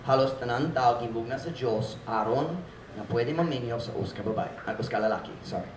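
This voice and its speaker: A male pastor preaching a sermon, mixing in Visayan phrases, swinging between loud, forceful shouts and hushed, earnest passages. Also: mid-range voice, fairly quick, noisy background. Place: church hall. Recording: echoey hall, mic at a distance.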